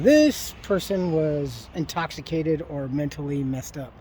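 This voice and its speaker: A man with a high voice, vlogging outdoors and speaking into a handheld phone. He tells his story in a profane, animated rant, with faint outdoor ambience behind him. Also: measured pace, hardly any pauses, a little hiss or hum. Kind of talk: casual walking vlog, ranting. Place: outdoors at a park.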